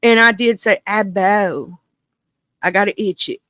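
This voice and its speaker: A woman in her thirties with a Mississippi Southern accent, hosting a casual livestream chat in a goofy, animated, rambling way. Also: mid-range voice, unhurried, no room sound. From small town in northern Mississippi, USA. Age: 30s. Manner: goofy, animated, talkative, goes off on tangents. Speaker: livestream host.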